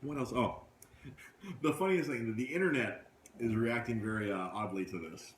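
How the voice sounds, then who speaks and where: A man hosts a podcast live from a comic book shop, chatting casually and acting out funny scenes in silly voices. His voice is mid-range at normal speed, with a roomy sound and a little hiss or hum.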